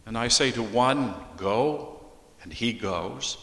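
A man preaching an expository sermon as a pastor, deliberately reading scripture aloud and explaining it. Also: mid-range voice, pushed and bright. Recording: echoey hall with long reverb.

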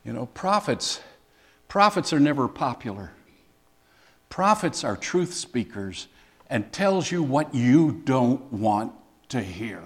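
An older man preaching a sermon as a pastor, conversational, with dry humor and pauses. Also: mid-range voice, big pitch swings, slightly rough.

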